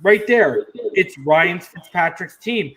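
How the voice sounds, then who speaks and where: A man co-hosting a casual sports podcast, emphatic and slowing down to stress his points. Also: sits high, lively intonation, a bit bright, low-quality recording. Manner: emphatic, slows down to drive points home. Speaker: podcast co-host.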